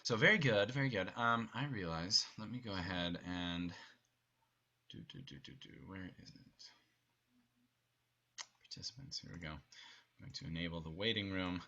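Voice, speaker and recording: A man with a bright, forceful voice directs an online rehearsal, talking his cast through where each character stands and moves. He keeps an upbeat, instructive tone over a video call. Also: deep voice, normal speed, long pauses, muffled recording. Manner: upbeat, instructive, briefly acts out lines. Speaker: theater director.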